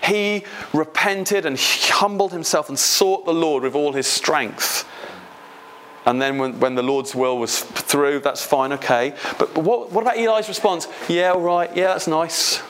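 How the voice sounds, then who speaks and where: A man's voice: on the high side, a little slow, a little hiss or hum. Man preaching a conversational sermon. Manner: conversational, gently humorous preaching with direct questions to the congregation. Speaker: pastor.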